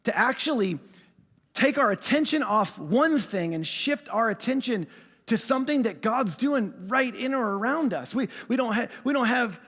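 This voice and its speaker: A man's voice: extremely high pitch, animated, moderate pace, fairly bright tone. A man preaching a sermon as pastor, talking conversationally and speaking straight to the congregation. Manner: conversational, engages the congregation directly. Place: church sanctuary. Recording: long church hall reverb.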